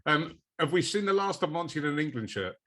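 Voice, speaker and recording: A man's voice: fairly high pitch, big pitch swings, quick pace, sharp tone. A man interviewing a guest, asking questions in a friendly, easygoing manner. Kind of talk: casual interview.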